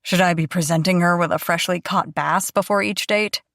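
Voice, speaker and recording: A woman's voice: lowish voice, steady tone, moderate pace, a bit bright, no echo, clean studio sound. A woman voicing a sarcastic, joking teenage boy in an audiobook. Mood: mocking. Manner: mock-serious, sarcastic. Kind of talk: audiobook narration.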